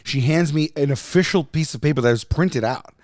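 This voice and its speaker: A man co-hosting a podcast, telling a funny story in a casual, animated way and laughing as he goes. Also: on the high side, fairly quick, dry recording, studio quality. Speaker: podcast host.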